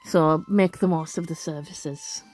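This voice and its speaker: A woman's voice: low voice, steady tone, measured pace, darkish tone, faint music behind. A woman narrating a story game in a casual, chatty way, reading aloud and often correcting herself. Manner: chatty, self-correcting, stumbles over words. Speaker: let's play narrator.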